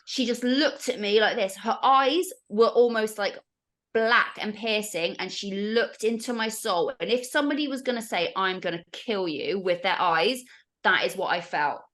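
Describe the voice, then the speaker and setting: A woman's voice: medium pitch, normal speed. A woman, a podcast guest, telling a story in casual chat and acting out the voices of other people. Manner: animated, acts out the voices of others.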